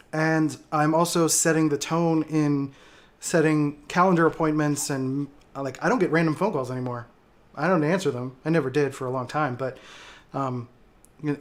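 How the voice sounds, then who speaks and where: A man hosting a casual livestream, reading viewer comments and talking reflectively with frequent hesitations and fillers. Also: a little high. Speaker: livestream host.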